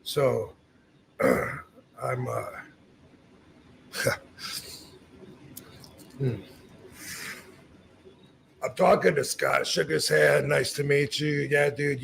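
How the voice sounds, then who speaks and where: Gravelly middle-aged male host, casual anecdote delivery, slightly high voice, faint hiss behind. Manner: animated, acts out quoted dialogue, frequent restarts. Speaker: podcast host. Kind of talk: casual storytelling.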